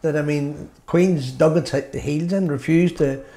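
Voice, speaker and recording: A man with a Belfast accent, hosting an interview and putting questions in a measured, halting way. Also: a little high, dark tone. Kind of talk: conversational interview.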